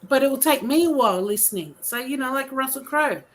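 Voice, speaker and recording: A woman's voice: sits high, lively intonation, quick pace, a little hiss or hum, poor audio. An Australian woman chatting casually on a podcast, searching for words and amused by the topic. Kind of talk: casual chat.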